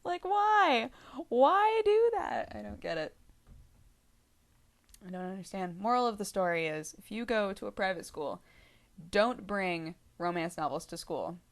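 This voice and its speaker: A woman's voice: lowish voice, moderate pace, pauses often. A young woman telling a rambling story to her vlog viewers, full of fillers, asides and giggles. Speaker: vlogger.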